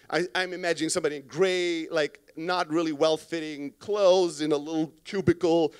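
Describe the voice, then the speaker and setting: A man giving an energetic, profane talk on a conference stage into a microphone, acting out reactions to phone calls. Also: a little high, moderate pace, few pauses, smooth. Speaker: conference speaker.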